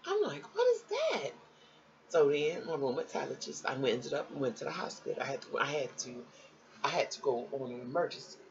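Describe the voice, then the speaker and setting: A woman tells a long personal story to her viewers, her voice gravelly and climbing high whenever she quotes someone. Her speech is loose and conversational, and the lo-fi recording sounds a little dull. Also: brisk. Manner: animated, jumps high when quoting others; conversational, addresses viewers as y'all. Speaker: vlogger sharing a personal health story.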